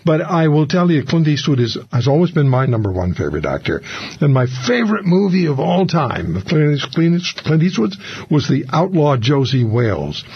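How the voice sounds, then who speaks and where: A man hosting a radio talk show, telling stories in a casual, animated way. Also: fairly high pitch, normal speed. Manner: animated storyteller, gravelly. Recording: muffled radio broadcast.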